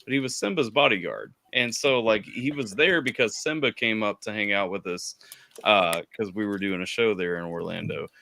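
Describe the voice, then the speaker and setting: A man hosting a casual stream chat, telling animated stories and swearing freely. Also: lowish voice, normal speed, creaky, a little hiss or hum. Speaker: streamer host.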